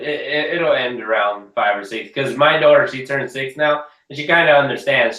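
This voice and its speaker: Brief: young male host, bright tone, animated storyteller, echoey room, a bit off-mic. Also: mid-range voice, far from the mic. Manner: animated storyteller who acts out his kids' lines. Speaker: host of an RC hobby hangout. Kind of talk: casual chat.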